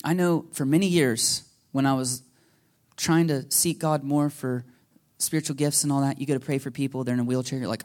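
A man preaching a sermon as a pastor, telling stories with lively energy and acting out conversations with God. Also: medium pitch, a little fast. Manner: animated storytelling, acting out dialogue with God. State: a little emotional.

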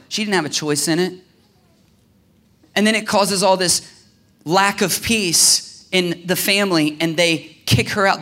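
A preacher delivers a sermon in a bright, forceful voice. He drops to near-hushed, intimate passages, then climbs to ringing shouts on the big lines. He speaks to the congregation directly. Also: sits high. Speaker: pastor. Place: church service.

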